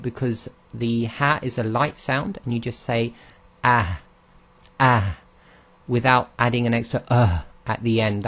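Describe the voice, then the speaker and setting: A man teaching Arabic pronunciation in a recorded lesson, explaining patiently step by step and sounding out each letter aloud. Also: medium pitch.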